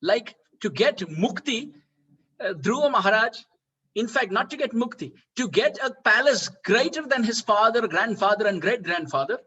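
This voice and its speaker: A man's voice: high voice, lively intonation, normal speed, sharp tone, slightly rough, rough recording. A man giving a devotional lecture, asking rhetorical questions and chuckling often. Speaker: spiritual speaker.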